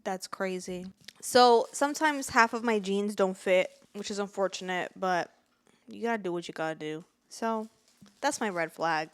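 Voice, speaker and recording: A woman's voice: mid-range voice, moderate pace, clear, resonant tone. A young woman co-hosting a casual podcast, chatting playfully and joking with her co-host. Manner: playful, joking, laughs often. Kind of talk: casual chat.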